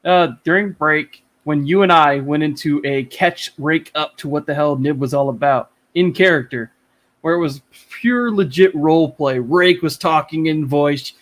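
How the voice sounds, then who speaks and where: A man with a slightly high voice talks over a video call from home. He rambles excitedly and swears freely as he chats as a guest. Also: normal speed. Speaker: interview guest. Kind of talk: casual chat.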